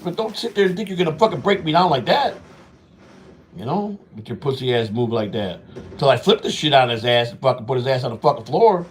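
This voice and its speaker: Speaking quickly and expressively in a high-leaning voice, this middle-aged show host walks and talks through street stories. He's blunt and heavily profane, voicing both parties in past arguments.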